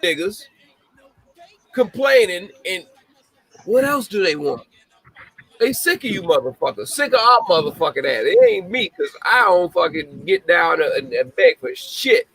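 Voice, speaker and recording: A man's voice: high-pitched, sing-song, normal speed, vocal fry, fairly bright tone, breathy edge, no room sound, poor audio. A man hosting a podcast, ranting bluntly in casual talk, swearing heavily and often breaking into laughter. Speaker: podcast host. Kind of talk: casual profane commentary.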